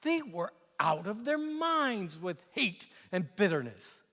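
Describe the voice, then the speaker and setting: An actor playing a middle-aged Roman governor in a theatrical monologue, defensive and self-justifying, speaking in a slow, declamatory way. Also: male voice, high voice, very animated, gravelly, bright, forceful tone, big-room sound, exaggerated voice. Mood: scornful.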